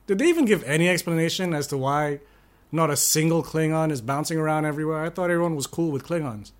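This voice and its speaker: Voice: medium pitch, fast. A co-host in casual podcast chat, joking and teasing with plenty of swearing.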